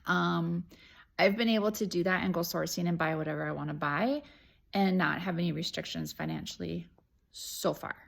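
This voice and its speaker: Chatty woman with a gravelly edge. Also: lowish voice, brisk. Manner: chatty, rambling with many fillers and restarts. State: throat irritated, coughing. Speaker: reseller vlogger. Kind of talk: casual vlog update.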